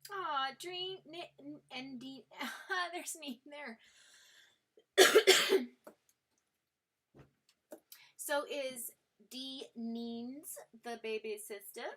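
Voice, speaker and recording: A woman's voice: high-pitched, extremely slow, long pauses, fairly bright tone. A woman hosting a live tarot stream, chatting with viewers in an affectionate way, calling them sweetheart and darling and laughing often. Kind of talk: casual live-stream chat and tarot reading.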